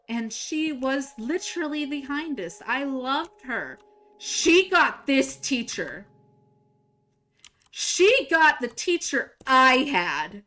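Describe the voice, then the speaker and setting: A woman's voice: on the high side, fairly bright tone. A young woman streamer telling a story in casual chat, swearing freely, laughing and acting out quoted lines. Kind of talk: casual storytelling while gaming.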